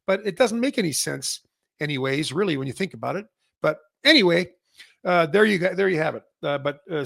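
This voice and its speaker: A man's voice: fairly high pitch, creaky, fairly bright tone, no echo, studio quality. A middle-aged man from Canada, hosting a casual industry update and rambling with many fillers and restarts. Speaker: massage chair retailer and host.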